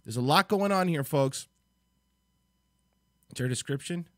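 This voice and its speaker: A man's voice: fairly high pitch, animated, normal speed, no room sound, clean studio sound. A man hosting a livestream, reacting to clips in rambling, chatty commentary. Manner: rambling, chatty, thinks aloud. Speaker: host.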